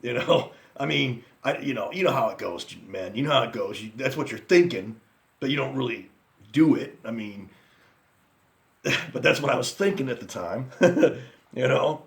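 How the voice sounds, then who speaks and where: A man's voice: medium pitch, animated, moderate pace, gravelly. Middle-aged man, casual rant vlogger, loose and profane, rambles and laughs.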